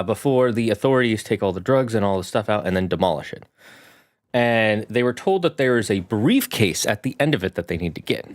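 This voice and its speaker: A man who hosts a live stream as a game master, chatting in an animated, rambling way. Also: fairly low pitch. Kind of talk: casual live-stream chat.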